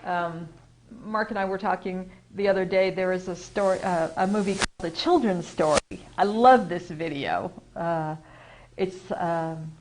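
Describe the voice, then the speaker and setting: A woman's voice: fairly low pitch, a little slow, rough recording. American woman rambling through a casual talk, lots of ums and restarts, perks up to make a point. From United States. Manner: chatty, rambling with fillers and self-corrections; acts out quoted voices, gets animated when emphasizing. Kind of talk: casual spoken reflection.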